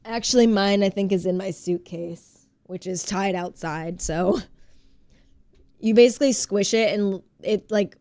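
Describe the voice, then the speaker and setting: A woman streams from home with a stuffy head cold and chats casually with her viewers. She giggles often and reads their messages aloud. Her voice sits at a middling pitch on a dry, close mic. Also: a little mellow, dry recording. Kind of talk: casual chat with chat.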